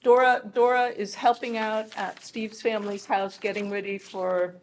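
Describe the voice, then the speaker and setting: A woman's voice: medium pitch, little pitch movement, normal speed. A woman at a book launch who prompts the reader and tells him where to start. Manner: prompting, directive. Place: book launch event room.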